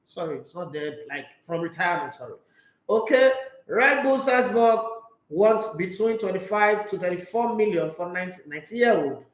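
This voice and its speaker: Man, high-pitched, sports talk host, animated, mocking, echoey room. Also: moderate pace. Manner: animated and mocking, swings from reading headlines to loud rants. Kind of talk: solo sports talk, reading transfer news with commentary.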